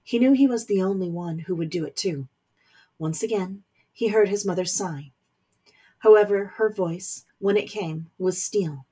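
A woman reading a story aloud as narrator, in measured scripted narration. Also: mid-range voice, warm tone, husky.

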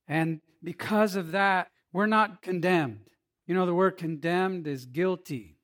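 A man preaching a sermon, swinging between emphatic loud lines and hushed, quiet passages. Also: high voice, a little slow. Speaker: pastor.

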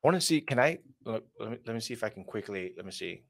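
A man's voice: lowish voice, lively intonation, fast, a bit bright, dry recording. A man hosting casual reaction commentary in a slangy way, with lots of fillers. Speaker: host.

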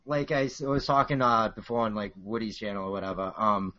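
A man's voice: fairly low pitch, fairly even intonation, a little fast, bright, forceful tone, dull audio. A man in his late twenties with a Boston accent, a guest in casual podcast chat, rambling with lots of fillers. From South Korea. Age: 20s. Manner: rambling, filler-heavy storytelling.

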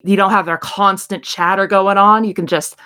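A woman's voice: mid-range voice, steady tone, normal speed, bright, forceful tone, clean tone, close to an everyday voice. A woman voicing a dapper young man in a tailored suit, attempting an Irish accent and talking in a coaxing, confidential way.

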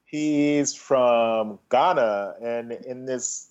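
A man sits in as a podcast guest, talking in a relaxed, easygoing way at a middling pitch. He pauses with small fillers and settles into a casual conversational rhythm. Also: rough recording. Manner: laid-back, easygoing, pauses with "uh". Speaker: podcast guest, community ride organizer. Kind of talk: casual interview chat.

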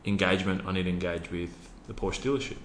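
A man's voice: sits low, fairly even intonation, fast talker, roomy sound, slight background noise. A man with an Australian accent speaking in an interview, earnestly telling a personal story with many ums. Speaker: interview guest, youth program founder.

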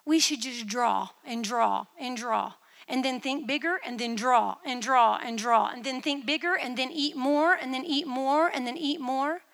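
A woman preaching a testimony in a church, telling a vision with animated, dramatic storytelling. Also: high-pitched, measured pace, vocal fry, long reverb tail.

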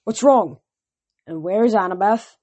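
A woman reading aloud, voicing a wise older male centaur teacher in a gentle, measured way, her tone husky. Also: medium pitch, close to an everyday voice. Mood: concerned.

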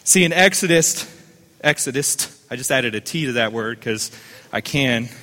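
A man's voice: medium pitch, expressive, moderate pace, bright, forceful tone, long reverb tail. A man preaching a sermon as the pastor of a church, calling on listeners to repeat phrases back to him. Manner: fervent preaching with call-and-response.

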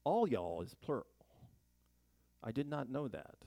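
A man's voice: medium pitch, sing-song, unhurried, creaky, mellow, dry recording. A man teaching a Bible study in a chatty sermon style, full of joking asides and rhetorical questions.

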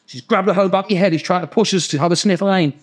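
A man with a Geordie accent, hosting a podcast and telling a story in a sweary, animated way. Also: high voice, racing, slightly rough. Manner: sweary, animated, acts out the people in his stories. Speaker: podcast host. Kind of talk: casual storytelling.

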